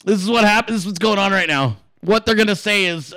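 A man's voice: high voice, fast talker, few pauses, sharp tone, dry recording. A male host ranting casually, swearing a lot, mocking his targets, and laughing often. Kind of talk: casual commentary rant.

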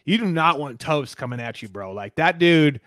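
A man hosting a podcast, telling animated, profanity-laced stories in casual chat. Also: a little high, normal speed, dry recording, studio quality. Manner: profane, animated storytelling with frequent fillers. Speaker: podcast host.

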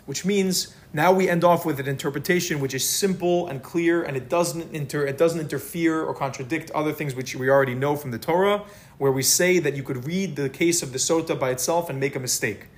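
A man's voice: a little high, fairly quick. A man teaching an informal Talmud class, talking casually and repeating words for emphasis.

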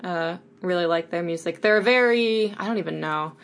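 A woman's voice: lowish voice, normal speed. Chatty woman podcast co-host. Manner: rambling, upbeat, lots of fillers and laughs. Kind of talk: casual chat.

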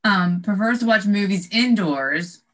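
A woman co-hosting a casual chat, enthusiastic and giggly, pausing often with "um". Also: medium pitch, expressive, crowd noise, poor audio. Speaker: podcast co-host.

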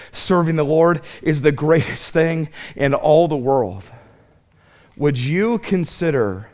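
Middle-aged guy preaching hard at a camp meeting, high voice, gets loud and funny. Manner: impassioned, shouting at peaks, comic storytelling. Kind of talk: fiery camp sermon.

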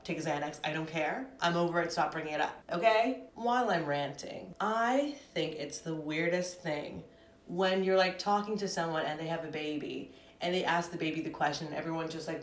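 A woman's voice: deep voice, brisk. Sassy young woman podcast host, roomy sound. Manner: sassy, dramatic, ranting. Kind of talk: solo chatty podcast rant. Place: apartment at home. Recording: roomy echo.

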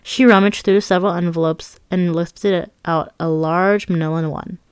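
Low-voiced woman narrating a memoir. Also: fairly even intonation, moderate pace, clear, resonant tone, no echo. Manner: candid, wry, conversational storytelling.

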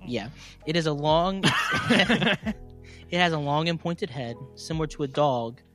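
A man's voice: on the high side, a little slow, a bit bright, faint music behind. A young man with a West Virginian accent, co-hosting a podcast, chatting casually and laughing often as he reads from his notes. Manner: giggly, laughs often while reading. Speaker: podcast co-host presenting cryptid stories. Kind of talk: casual chat, reading notes aloud.

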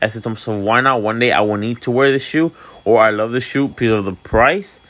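A man's voice: mid-range voice, fairly quick, a bit bright, dry recording. A man in his twenties from Miami talks casually on his vlog, rambling and candid, with many fillers and free swearing. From Miami, Florida. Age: 20s. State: sleepy, yawning. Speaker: vlog host. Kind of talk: casual monologue.

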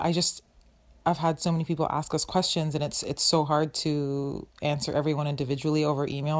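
A woman's voice: deep voice, creaky, a little mellow. A young woman hosting her podcast from her room, talking casually and upbeat with lots of fillers and restarts, slightly out of breath. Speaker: podcast host. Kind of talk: casual solo podcast monologue.

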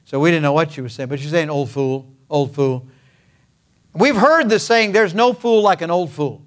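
An older male pastor delivers a sermon in an earnest, measured way. His voice sits a little high for a man, and he leans on repeated phrases and pauses. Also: big pitch swings.

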